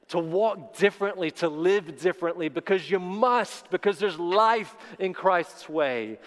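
A man preaching a sermon as pastor, building fervor and acting out the prayers he quotes. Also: a little high. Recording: long hall reverb.

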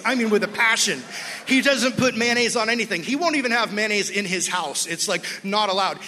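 A man preaching a sermon to a church congregation, telling a story and acting out its dialogue in an animated way. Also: high-pitched. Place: church sanctuary. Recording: long hall reverb.

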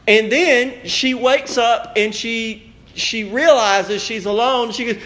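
Young male pastor, lively storytelling sermon, voice a bit on the high side. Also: moderate pace. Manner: storytelling, animated, acts out quotes.

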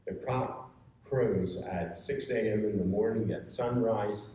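A man's voice: lowish voice, takes it slowly, dark tone, slight background noise. A man giving a conversational sermon to a seated group, earnest and rising to emphatic urging. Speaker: preacher. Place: meeting room with a seated group. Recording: echoey room, picked up from far off.

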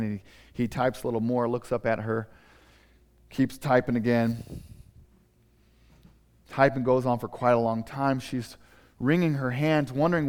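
A male preacher tells a story sermon with animated, dramatic delivery. His voice sits in a middle range, and a long hall reverb follows him. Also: mid-range voice, a little slow, pauses often.

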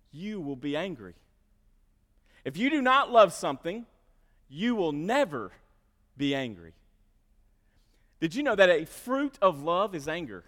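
A male pastor preaches a sermon in a high voice, repeating words at the start of his phrases. He shifts between soft asides and loud emphasis, and long reverb rings through the church sanctuary around him.

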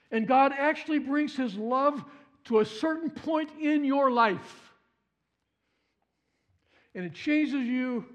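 A man preaching a sermon with passion, swinging from hushed repetition to excited exclamation. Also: very high-pitched, lo-fi sound. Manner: impassioned, swings from hushed to exclaiming, repeats phrases.

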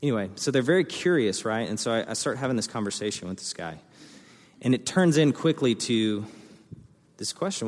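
A young male pastor delivers a sermon in a fairly low voice, with a long reverb from a large hall around him. He tells stories with animated energy and jumps up into other people's voices as he quotes them. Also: brisk. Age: young adult.

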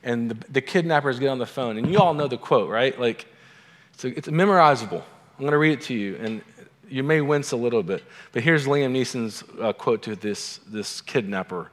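Casting: male pastor, mid-pitched, relaxed conversational sermon with dry humor, long hall reverb. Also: fairly quick. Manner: conversational with wry asides.

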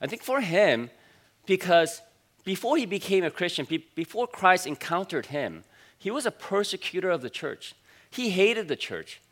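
A man in his forties preaches to a church congregation in a bright, clear voice. He talks in an easygoing, conversational way, telling stories and padding his sentences with casual fillers. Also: sits high, big pitch swings, normal speed. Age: 40s. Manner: conversational, storytelling, many fillers. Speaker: pastor. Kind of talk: sermon.

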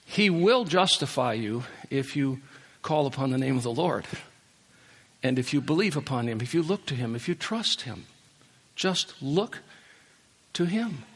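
A male pastor delivers a sermon in a church worship center, his voice sitting at an ordinary middle pitch. He pleads earnestly with his listeners, building to impassioned appeals before dropping back to a soft, intimate tone. The recording carries the long reverb of a large hall. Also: lively intonation, a little slow, pauses often, husky.

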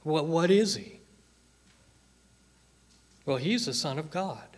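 A man preaching a sermon, slow and emphatic, often repeating words for weight. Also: fairly high pitch, lively intonation. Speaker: pastor.

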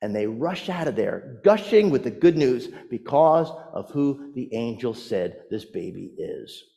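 A man's voice: mid-range voice, big pitch swings, measured pace, gravelly, mellow. A man, a pastor, preaching a sermon and telling stories with rising emphasis. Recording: long hall reverb.

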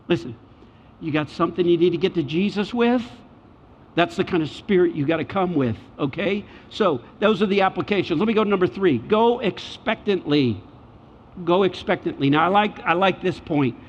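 A male pastor preaching a sermon, emphatic, repeating key phrases and swinging between loud and hushed delivery. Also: high-pitched, expressive, moderate pace, slight background noise. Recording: dull sound with long hall reverb.

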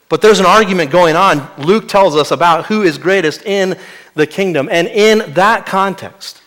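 A male pastor preaching an expository sermon. He often drops to a quiet, weighty voice for key lines. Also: high voice.

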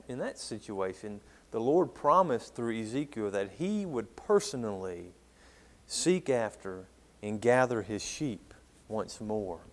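A man preaching a sermon and reading scripture aloud, growing loud on key words and falling quiet at the ends of phrases, with questions to the congregation. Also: lowish voice. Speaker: pastor.

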